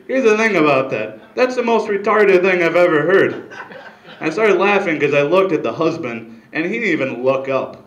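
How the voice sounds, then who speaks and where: A man doing a stand-up comedy set, rambling with deadpan asides into a handheld mic on a small club stage. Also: fairly high pitch, moderate pace, echoey room, low-quality recording.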